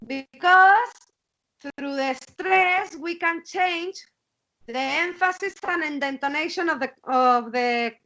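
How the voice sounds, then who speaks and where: Brief: woman English teacher, Spanish accent, high bright voice, unhurried, on a video call. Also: poor audio. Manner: repeats words while searching, checks with "okay?". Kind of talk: online class teaching.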